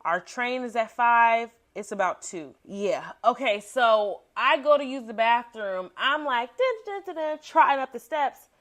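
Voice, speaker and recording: A woman's voice: fairly high pitch, measured pace, hardly any pauses, a bit bright. A young woman podcast host telling a story in a casual, slangy way, acting out quotes with big jumps in her voice.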